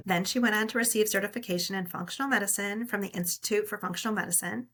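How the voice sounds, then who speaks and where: A woman's voice: medium pitch, creaky, a bit bright, breathy edge. A woman co-hosting a podcast, upbeat and playful as she introduces and questions her guest. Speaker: podcast co-host.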